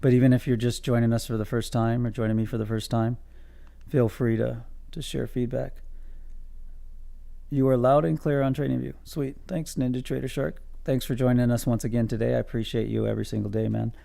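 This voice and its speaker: A man's voice: mid-range voice, level tone, brisk, gravelly, dark tone. A man streaming his day trading live, calling out levels to viewers in a casual, joking, self-amused way.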